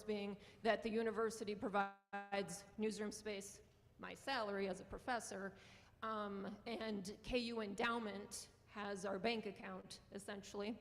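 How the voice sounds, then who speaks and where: A woman's voice: mid-range voice, long reverb tail. A woman with a North Dakota accent speaks earnestly and with passion as a journalism professor giving a conference talk. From Western North Dakota. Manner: earnest and impassioned, with small laughs. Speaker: journalism professor and newspaper publisher. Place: lecture hall.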